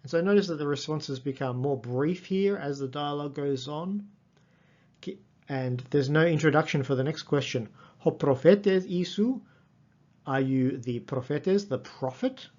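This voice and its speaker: A man with a fairly high voice gives a lecture, reading passages slowly and then explaining each point with care. The sound is dull and lo-fi. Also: darkish tone. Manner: slow, careful reading of quoted passages with running explanation. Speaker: Greek lecturer.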